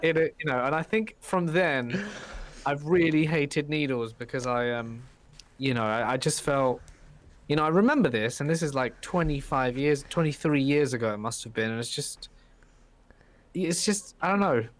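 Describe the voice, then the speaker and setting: A man in his thirties from the UK, a guest in a casual chat, telling a story in an animated, rambling way with many restarts. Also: a little high, normal speed. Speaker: podcast guest.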